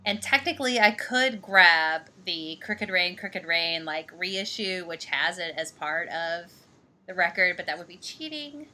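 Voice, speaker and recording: A woman's voice: fairly low pitch, lively intonation, a little slow, pushed and bright. A woman from Missouri in her thirties, co-hosting a podcast in casual chat, giggly and rambling with fillers. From Missouri, USA. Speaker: podcast co-host.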